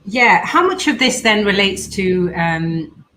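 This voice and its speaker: A woman's voice: mid-range voice, lively intonation, slow, bright, forceful tone. A woman hosting a podcast panel, thoughtfully asking questions and handing the floor to others. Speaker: podcast host and moderator. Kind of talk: casual panel discussion.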